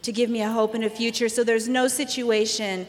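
A woman's voice: fairly high pitch, little pitch movement, fairly quick. Woman telling a testimony in a reverberant hall. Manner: candid storytelling with fillers and laughs. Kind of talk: personal testimony.

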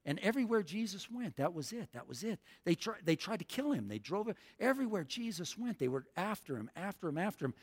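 A man's voice: on the high side, very animated, a little fast. A man preaching a sermon as pastor, emphatic, repeating lines for the congregation to say back. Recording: long hall reverb.

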